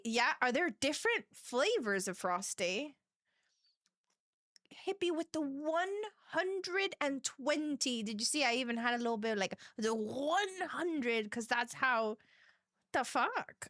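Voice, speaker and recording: Giggly, bright-voiced woman streamer. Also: high voice, no room sound, studio quality. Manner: giggly and chatty, laughs often; reads viewer messages aloud. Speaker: livestreamer. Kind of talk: casual chat with a live audience.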